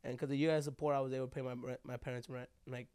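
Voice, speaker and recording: A man's voice: mid-range voice, little pitch movement, racing, a little mellow, clean tone, no echo, studio quality. A young man co-hosting a podcast, telling a heartfelt story in a rambling, casual way full of "bro" and "like.". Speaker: podcast co-host.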